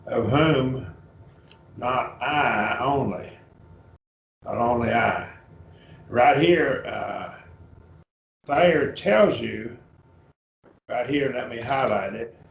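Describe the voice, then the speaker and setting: A man leads a Bible class, working through Greek words in a relaxed, halting way and calling on his students one by one. His voice is recorded in a reverberant room, and the sound is muffled and lo-fi. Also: medium pitch, vocal fry, a little hiss or hum. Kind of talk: Bible class lesson, Greek word study. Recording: roomy, dull lo-fi class recording.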